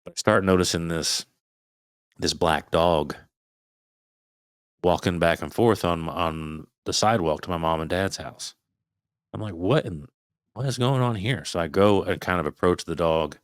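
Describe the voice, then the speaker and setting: A man's voice: low-pitched, fairly even intonation, a little slow, pauses often, clean tone, dry recording, clean studio sound. A man in his thirties, a podcast guest, tells a story casually, swears freely, acts out his own past thoughts and imitates the noises he heard. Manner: imitates sounds while telling a story.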